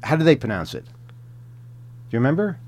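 A man's voice: fairly high pitch, big pitch swings, fairly quick, darkish tone. A man co-hosting a podcast, telling travel stories in casual chat, rambling with many fillers and restarts and chuckling often. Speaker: podcast co-host.

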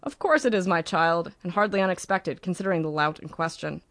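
A woman's voice: on the low side, a little fast, a bit bright, dry recording. Woman putting on a sardonic older gent, dry and languid. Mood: droll, sardonic. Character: older gentlemanly uncle, droll and sardonic.

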